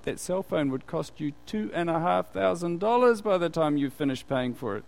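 A man preaches a sermon in a relaxed, conversational way, asking his listeners rhetorical questions as he goes. His voice sits a little high for a man. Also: fairly quick, creaky, hardly any pauses.

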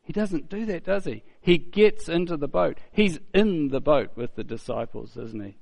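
A man delivers a sermon in a fairly high voice. He talks in a relaxed storytelling manner and keeps tossing in tag questions like a friendly preacher checking in with the congregation. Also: moderate pace, creaky, hardly any pauses, muffled recording. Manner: frequent rhetorical tag questions and repeated phrases.

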